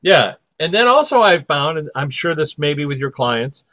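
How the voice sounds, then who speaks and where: Lively man telling a story. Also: fairly high pitch, moderate pace. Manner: animated, acts out quoted voices. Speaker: podcast host. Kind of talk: casual storytelling chat.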